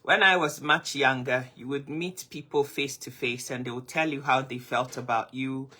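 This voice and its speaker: A woman's voice: very deep voice, steady tone, moderate pace, bright, forceful tone. A woman with a groggy morning voice, hosting a casual live-stream chat as a life coach and greeting her viewers affectionately.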